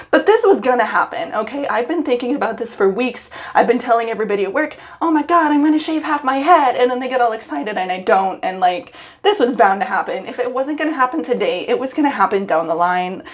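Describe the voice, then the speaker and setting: A young woman hairstylist talking to her phone in her bathroom, nervous and giggly as she chats to herself. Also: fairly high pitch. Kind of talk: casual vlog self-talk. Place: bathroom at home.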